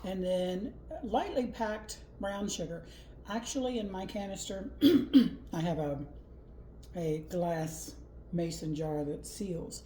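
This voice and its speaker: A woman hosts a home cooking video in an unhurried, lowish voice, full of sassy jokes and playful asides. She speaks from her kitchen, and the room around her is audibly noisy. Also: warm tone. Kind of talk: casual cooking demonstration.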